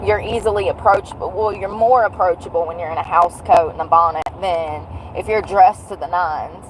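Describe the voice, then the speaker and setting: A woman's voice: medium pitch, a little hiss or hum, low-quality recording. A woman, chatting bluntly and jokingly to a livestream from her car. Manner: blunt, joking and animated, with frequent laughs. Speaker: livestream vlogger. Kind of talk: casual chat to a livestream.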